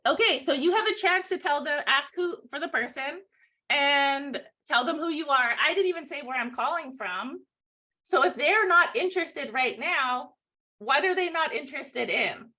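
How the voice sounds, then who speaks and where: A woman co-hosting a sales podcast, chatting in an energetic, bubbly way with frequent giggles. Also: high voice, moderate pace. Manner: bubbly, energetic, giggly, with playful acted-out phone calls. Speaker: podcast co-host and sales trainer. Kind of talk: lively sales podcast chat.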